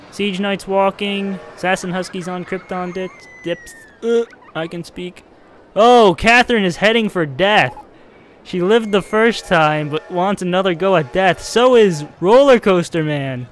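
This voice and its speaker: Man, gameplay commentary, fairly high voice, excitable and chatty, faint hiss behind. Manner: excitable, swings from chatty narration to exasperated outbursts. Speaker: streamer playing a park-building game.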